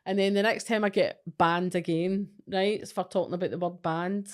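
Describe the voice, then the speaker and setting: A woman's voice: on the low side, steady tone, normal speed. A Scottish woman co-hosting a podcast, telling stories in a blunt, sweary, chatty way. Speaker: podcast co-host, psychic. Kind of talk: casual chat.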